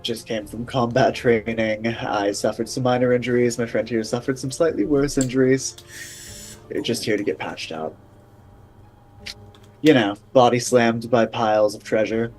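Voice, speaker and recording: A man speaking in character as a player in a tabletop fantasy game, calm and matter-of-fact. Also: mid-range voice, moderate pace, faint music behind, poor audio. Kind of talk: in-character tabletop role-play.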